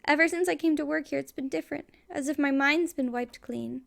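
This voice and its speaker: A woman's voice: sits high, fairly quick, vocal fry. A woman voicing a fragile, ghostly woman who speaks shakily and tearfully over a crackling intercom in a game. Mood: shaky. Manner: shaky, tearful.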